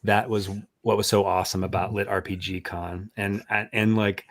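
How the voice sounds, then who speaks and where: A man's voice: lowish voice, level tone, moderate pace, dry recording. A man hosting a casual video chat, friendly and hesitant, with many fillers. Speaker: host.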